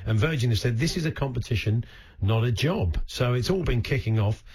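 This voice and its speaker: A man's voice: mid-range voice, expressive, a little fast, a little mellow, breathy edge. A man hosting a radio show, chatting in a teasing way and directing his co-host. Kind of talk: casual radio banter.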